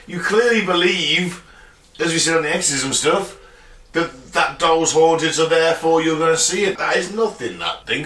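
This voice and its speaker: Bright-voiced jokey English man, echoey room. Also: on the high side. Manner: laughing, jokey, swearing. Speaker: podcast co-host. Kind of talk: casual banter, reading news stories. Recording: echoey room, mic at a distance.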